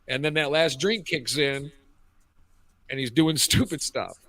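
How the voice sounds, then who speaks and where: Heard over a cheap headset, this talk show co-host in his fifties speaks unhurriedly in a mid-range voice. He shares crude jokes and animated stories in relaxed conversation on his radio show.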